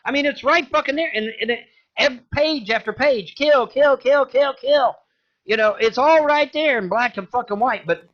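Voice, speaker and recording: A man delivering an angry, profane rant, cursing loudly and repeating himself. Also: high-pitched. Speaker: ranting video creator. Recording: dull lo-fi audio.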